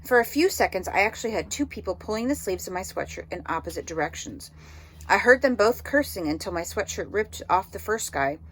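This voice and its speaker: A woman reading an audiobook novel aloud in steady storytelling narration. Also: mid-range voice, a little fast, slight background noise. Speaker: audiobook reader.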